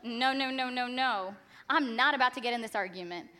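A woman's voice: fairly high pitch, a little fast, pushed and bright. A woman voicing a weary grieving wife who emphatically refuses to argue. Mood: exasperated. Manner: emphatic, exasperated.

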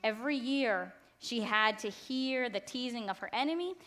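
Emphatic woman preacher, bright voice. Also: on the high side, moderate pace. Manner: emphatic, repetitive, rising to passion. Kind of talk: sermon.

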